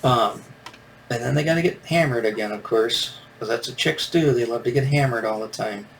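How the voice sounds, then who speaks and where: A man's voice: mid-range voice, moderate pace. A man hosting a solo comics review podcast, talking casually and rambling, with lots of fillers and restarts. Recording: distant from the mic with faint noise.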